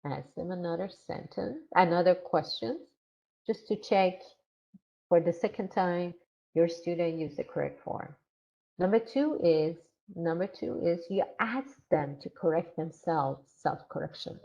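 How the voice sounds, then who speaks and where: A woman's voice: lowish voice, lively intonation, measured pace, creaky, mellow. A woman leading a grammar teaching workshop for English teachers, repeating her phrases and acting out short teacher and student exchanges. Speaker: ESL teacher trainer. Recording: dull lo-fi sound.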